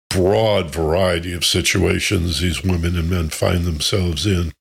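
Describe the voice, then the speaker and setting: A man's voice: low-pitched, breathy edge. A man teaching a self-development class who tells anecdotes, chuckles and asks rhetorical questions.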